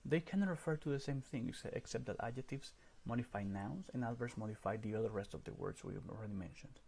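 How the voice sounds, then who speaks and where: A man's voice: medium pitch, brisk, gravelly, a little mellow, husky. A man teaching a recorded grammar lesson over slides, explaining step by step and often checking in with "right?".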